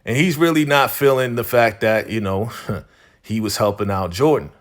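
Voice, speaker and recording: A man with a mid-range voice recaps a TV episode at normal speed in casual narration. He's conversational and repetitive, circling back to the same phrases and leaning on "you know."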